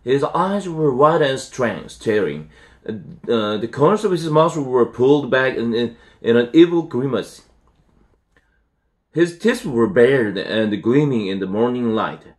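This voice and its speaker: A man's voice: mid-range voice, lively intonation. Man reading a storybook aloud. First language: Korean. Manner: unhurried, with self-corrections and fillers. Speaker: English teacher. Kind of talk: reading a children's novel aloud.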